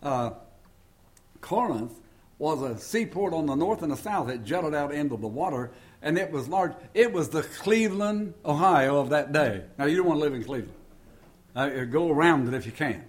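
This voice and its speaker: Older man, preacher, sermon, folksy and joking, slightly high voice. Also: lively intonation, moderate pace.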